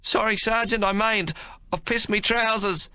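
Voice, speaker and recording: A man's voice: sits high, fairly even intonation, moderate pace, sharp tone, no echo, voice pushed up. A man doing a frightened young army private. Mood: pleading, frightened. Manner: pleading, whimpering, rough working-class speech.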